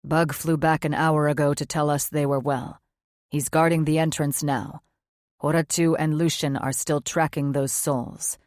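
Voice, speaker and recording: Woman doing a low-voiced male demon, terse and soothing, dry close sound. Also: steady tone, a little slow, a little mellow, no echo. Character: brooding male demon wolf mate, protective.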